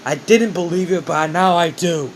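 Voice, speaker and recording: A man's voice: fairly high pitch, normal speed, slight background noise, pitched above the performer's own voice, natural voice. A man voicing a hot-tempered teenage boy hero who swears bluntly. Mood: angry.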